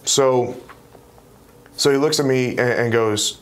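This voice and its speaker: A man in his twenties, a real estate investor guest, telling a story in a casual, animated way. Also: medium pitch, slow, pauses often. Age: 20s. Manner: animated, acts out quoted dialogue.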